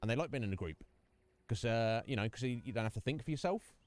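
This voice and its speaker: A man streaming a video game, commentating in an animated, ranting way and mock-quoting others. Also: medium pitch, fast. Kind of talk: live gameplay commentary.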